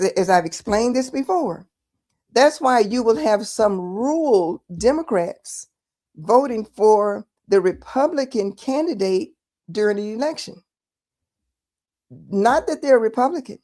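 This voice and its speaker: A woman's voice: medium pitch, dark tone. A Texan woman giving casual political commentary, emphatic and repeating words for stress. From Texas.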